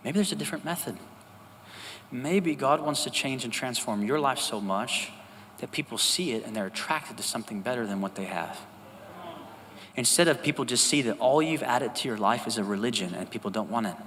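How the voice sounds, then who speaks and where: A male pastor preaching a sermon, talking to the congregation in a lively, conversational way and often asking for an "Amen". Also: medium pitch, fairly quick, slight background noise. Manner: conversational, animated, asks the congregation for responses. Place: church sanctuary. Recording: reverberant church hall with faint ambience.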